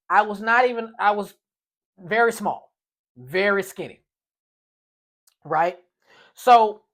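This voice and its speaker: A man telling a comic personal story in a story time vlog, animated and playful. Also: high voice.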